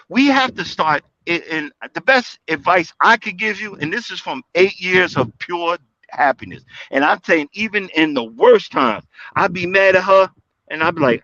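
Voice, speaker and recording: A man on a livestream call telling casual stories, animated, acting out quotes with big jumps in his voice. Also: high-pitched, normal speed, no echo. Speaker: guest speaker on a livestream call. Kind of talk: casual storytelling. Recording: dull lo-fi livestream audio.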